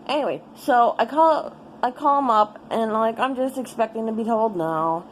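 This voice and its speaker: A young woman with a fairly high voice vents in a casual personal update, rambling and cursing as she goes. A faint hum of room noise sits under her speech. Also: moderate pace, rough recording. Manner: rambling, frustrated, swears freely. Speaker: vlogger.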